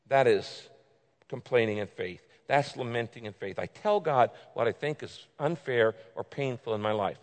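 A man preaching a sermon, reading scripture aloud and moving from loud pleading passages to quiet, intimate asides. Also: medium pitch, moderate pace. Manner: dramatic, swings from loud pleading to hushed intimacy. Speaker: pastor. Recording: long hall reverb.

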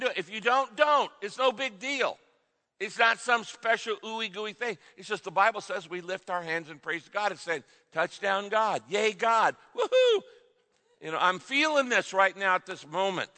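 A middle-aged male pastor delivering an emphatic sermon, with sudden shouted exclamations, in a large church hall. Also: sits high. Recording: reverberant hall sound.

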